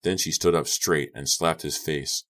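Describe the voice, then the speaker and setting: A man narrates a young-adult horror novel in a very deep voice. He keeps his reading measured and subdued. The tone stays steady between the characters' outbursts. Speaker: audiobook narrator. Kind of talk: scripted audiobook narration.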